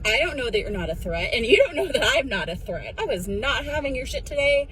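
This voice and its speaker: A woman tells her story in a blunt, defiant selfie-video rant, swearing freely. A faint background noise sits under her fairly high voice. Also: big pitch swings, fairly quick, a bit bright, poor audio. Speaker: social media video poster.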